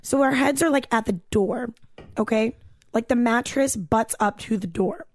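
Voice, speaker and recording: A young woman with a slightly high voice tells a rambling story in an animated, breezy way, tossing in filler words and swearing. The sound is dry and close, with no room around her. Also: moderate pace, dry recording. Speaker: podcast co-host telling a story. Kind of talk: casual storytelling chat.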